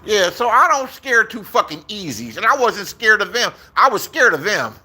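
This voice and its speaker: A man's voice: high-pitched, big pitch swings, moderate pace, bright, forceful tone, slightly rough. A man in his sixties from Inglewood, telling rambling, profane stories in a casual vlog and acting out the voices he quotes, recorded outdoors. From Inglewood, Los Angeles, USA. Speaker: YouTuber.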